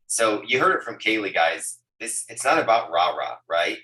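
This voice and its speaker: A man leading a sales team call with high energy, often stopping to ask "right, guys?". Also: normal speed, echoey room, far from the mic, low-quality recording. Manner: energetic, repeats words, asks "right, guys?". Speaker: agency leader hosting a team call. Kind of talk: motivational team huddle. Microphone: Bluetooth earbuds on a video call.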